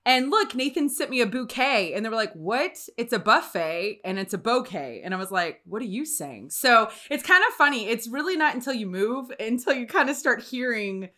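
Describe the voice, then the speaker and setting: A woman from Louisiana hosting a casual chat, animated and full of quick questions and laughs. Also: a little high.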